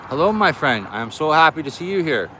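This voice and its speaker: A man's voice: on the high side, very animated, fast, bright, forceful tone. Guy in his middle years doing a live stream outside by an air base, just chatting and saying hi to viewers, bit of faint traffic noise. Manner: chatty, greeting viewers by name. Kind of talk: casual live-stream chat. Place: outdoors near an air base.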